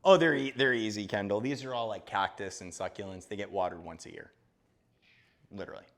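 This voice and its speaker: A man's voice: lowish voice, a little fast, creaky, fairly bright tone. A man from Florida chatting casually on a gardening live stream, joking and talking to his cat as he walks around.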